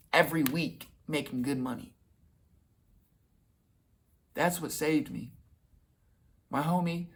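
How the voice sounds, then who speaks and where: A man's voice: medium pitch, a bit bright, breathy edge. A young man in his twenties telling a personal story in a loose, casual way, full of slang and swearing. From United States. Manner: casual and profane, with slang and restarts. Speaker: vlogger.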